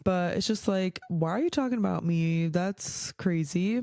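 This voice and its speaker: A woman's voice: fairly low pitch, measured pace, gravelly, a little mellow, no echo, studio quality. A young adult woman hosting a podcast, telling stories casually, swearing freely and leaning on "like" as she talks. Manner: chatty, swears freely, heavy use of "like". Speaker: podcast host. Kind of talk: casual storytelling.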